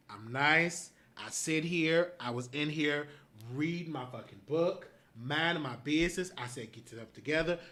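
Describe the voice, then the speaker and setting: High bright-voiced guy ranting mad at his producer, cussing and barking orders over and over. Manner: angry, scolding, profane rant; repetitive, emphatic commands. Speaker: show host. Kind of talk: livestream rant at his producer.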